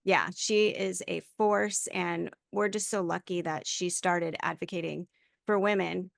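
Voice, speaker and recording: A woman's voice: on the low side, steady tone, measured pace, creaky, no echo, studio quality. A woman hosting a podcast interview, chatting in an encouraging, friendly way. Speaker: podcast host.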